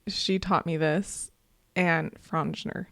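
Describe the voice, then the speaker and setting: A woman co-hosting a casual podcast chat, telling stories and explaining ideas in a calm teaching tone. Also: deep voice, takes it slowly, creaky, dry recording. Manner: storytelling, animated with laughs. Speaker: podcast co-host.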